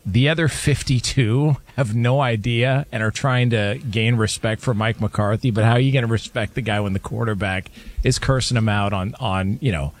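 Laughing male sports podcast host. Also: mid-range voice. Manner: storytelling, laughing often. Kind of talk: casual chat.

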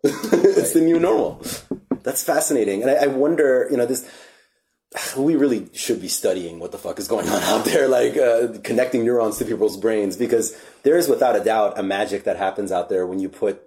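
A man hosting a podcast, chatting in a relaxed, reflective way with casual swearing. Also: mid-range voice, brisk. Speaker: podcast host. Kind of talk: casual chat.

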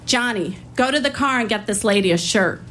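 A woman voicing a kindly older woman visitor who speaks in a gentle, reassuring way. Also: mid-range voice, expressive, a little fast, slight background noise, lightly acted.

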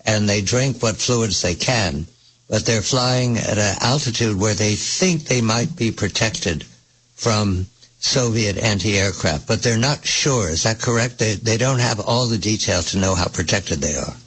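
A man's voice: lowish voice, unhurried, a bit bright, breathy edge, rough recording. A man hosting a radio interview, asking leading questions in a conversational way. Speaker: radio host.

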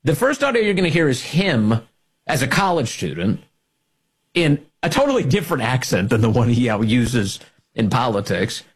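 A man's voice: medium pitch, sing-song, normal speed, husky. A man hosting a political talk radio show, sarcastic and mocking, laughing as he talks.

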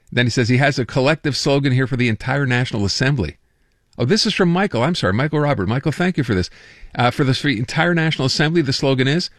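A man's voice: medium pitch, a bit bright, no echo, studio quality. Chatty male radio call-in host. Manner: chatty, amused, reads listener texts aloud. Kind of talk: casual call-in radio chat. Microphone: studio microphone.

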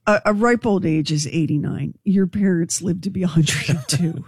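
A woman's voice: fairly low pitch, normal speed, darkish tone, breathy edge, dry recording, studio quality. A woman co-hosting a radio show, teasing her partner with amused interjections. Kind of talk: casual radio banter.

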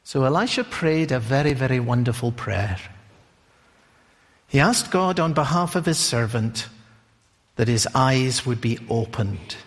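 A male preacher giving a sermon in a deliberate storytelling manner, often asking listeners questions. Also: medium pitch, lively intonation. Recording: long hall reverb.

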